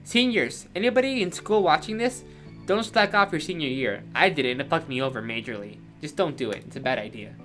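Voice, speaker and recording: A woman giving casual, jokey commentary while she plays a game. Her voice sits fairly low but moves up and down a lot, with faint music underneath. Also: expressive, brisk, fairly bright tone. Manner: chatty, joking, swearing. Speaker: let's play host.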